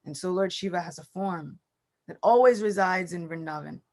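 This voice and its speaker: A woman's voice: fairly low pitch, moderate pace. A woman giving a morning scripture class, telling the story vividly and acting out the characters' lines in her own voice. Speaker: class speaker.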